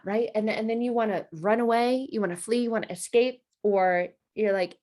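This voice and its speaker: A woman teaching about trauma responses to camera in a conversational way, acting out inner reactions with quick changes of voice. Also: fairly high pitch, a little mellow. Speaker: trauma educator. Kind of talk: explanatory video lesson.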